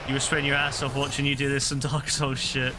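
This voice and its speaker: A man's voice: medium pitch, monotone, fast, background noise. A man giving casual commentary while playing a game, rambling, swearing and sarcastic. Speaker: gaming commentator.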